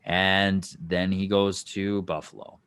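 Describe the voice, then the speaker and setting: A man co-hosts a casual sports podcast in a low, flat, slow voice that's a bit bright with a clean tone. He rambles through his points, full of fillers and restarts, tossing in light jokes.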